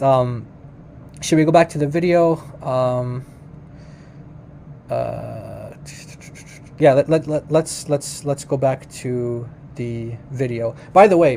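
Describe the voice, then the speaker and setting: A man's voice: a little high, mellow, slight background noise. A man hosting a reaction video who talks casually over it and is emphatic when he corrects the claims in it.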